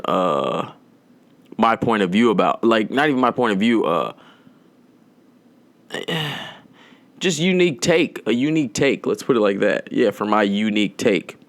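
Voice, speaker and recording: A young man hosting a podcast, talking in a loose, rambling way, swearing a lot and making dark jokes. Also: lowish voice, dry recording. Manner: rambling, profane, darkly joking, drawn out. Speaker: podcast host. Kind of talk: casual rambling monologue.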